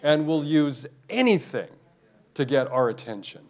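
A man's voice: fairly high pitch, very animated, measured pace, darkish tone. A man preaching a sermon, emphatic and repetitive, often restarting his phrases.

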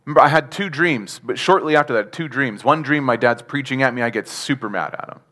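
A man's voice: mid-range voice, quick pace, pushed and bright. A man giving a sermon testimony, telling his story earnestly with chuckles and asking the congregation questions. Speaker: preacher.

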